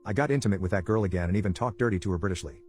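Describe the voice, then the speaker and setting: A man's voice: deep voice, very fast, a little mellow, soft background music. A man reading a funny first-person story aloud as scripted narration, matter-of-fact.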